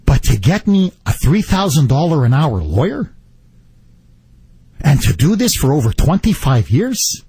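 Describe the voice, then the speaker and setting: A male radio talk show host telling a story in animated fashion and taking calls on a studio mic. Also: a little high, moderate pace, slightly rough, dry recording. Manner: animated storytelling, acts out quotes. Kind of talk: talk radio monologue and call-in.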